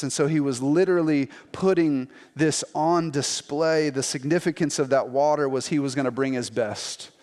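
A man preaching as a pastor, telling a scripture story in a lively, conversational way and acting out the quotes. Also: a little high, normal speed, few pauses, in a large hall. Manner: animated storytelling, acts out quotes in playful voices. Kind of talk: sermon.

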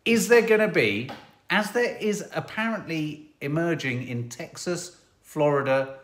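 Playful man with a lively voice. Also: fairly high pitch, measured pace, reverberant. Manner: playful, jokey, full of trivia. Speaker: co-host reading viewer comments. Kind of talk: casual family livestream chat.

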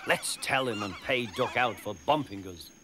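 A man's voice: mid-range voice, moderate pace, noisy background, natural voice. A man voicing a group of rude, mischievous goods trucks who jeer and cackle. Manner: jeering, laughing. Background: music.

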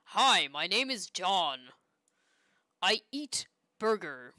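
A woman putting on a loud, slow, goofy American man. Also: medium pitch, sing-song, no echo, clean studio sound, exaggerated voice. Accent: mock American.

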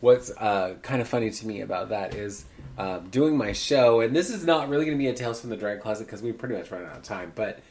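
A man's voice: fairly low pitch, expressive, fast, a little mellow. A man from Oregon who hosts a podcast and performs drag, telling joking stories in casual chat. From Oregon, USA. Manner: chatty, joking storyteller.

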